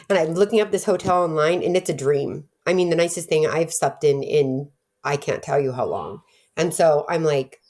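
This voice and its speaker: A middle-aged woman tells her personal story. She speaks casually and candidly, often acting out what others said with bright shifts. She fills her speech with fillers and self-corrections. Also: low-pitched, a little fast. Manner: animated, acts out quoted voices, many fillers and restarts.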